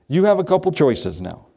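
A pastor's fairly high, husky voice with vocal fry carries an emphatic sermon. He repeats key phrases, uses rhetorical questions, and moves back and forth between raised passages and quiet asides.

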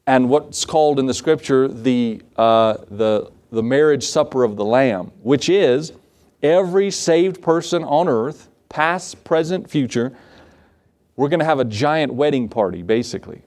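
A male pastor preaching a sermon, animated, often asking the congregation rhetorical questions. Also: medium pitch, moderate pace.

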